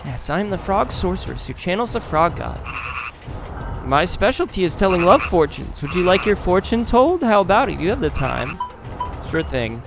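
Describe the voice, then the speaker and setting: A man putting on a croaking frog sorceress. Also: high voice, big pitch swings, moderate pace, background noise, full character voice. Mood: eccentric. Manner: croaking ribbit chants. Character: eccentric female frog sorceress, chanting. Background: game music.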